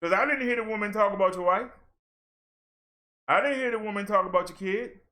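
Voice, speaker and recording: A man's voice: high-pitched, fairly quick, bright, forceful tone. A man with ranting through a commentary vlog, exasperated and scolding. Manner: exasperated, scolding, mocks others in put-on voices. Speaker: commentary vlogger.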